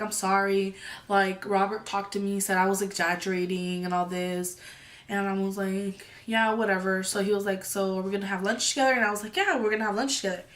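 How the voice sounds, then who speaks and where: A woman's voice: medium pitch, fairly bright tone. Young woman, casual storytime vlogger, rambling and chatty, acts out quotes. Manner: chatty, full of fillers like "like" and "you know".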